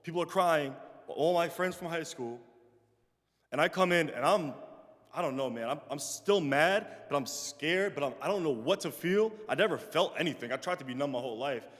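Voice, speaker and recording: A young man giving a personal storytelling talk as guest speaker, animated and acting out the voices he quotes, then dropping soft when he reflects. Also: a little high, normal speed. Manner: animated, acts out quoted voices, trails off softly in reflective moments. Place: large chapel. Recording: long chapel reverb.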